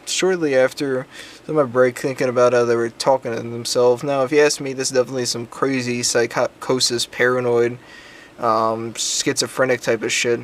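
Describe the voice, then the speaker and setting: A man's voice: mid-range voice, flat delivery, moderate pace, a little hiss or hum. A young man telling work stories on his vlog in a casual, rambling way, swearing often and trailing off into ums and restarts. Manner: profane, rambling, crude jokes. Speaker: vlogger.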